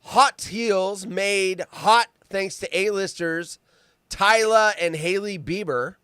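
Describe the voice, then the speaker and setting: A man hosting a live show, mocking news stories with loud outbursts and a teasing manner. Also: sits high, slow, clear, resonant tone, no room sound, clean studio sound. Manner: mocking, animated, bursts into loud outcries. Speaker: host.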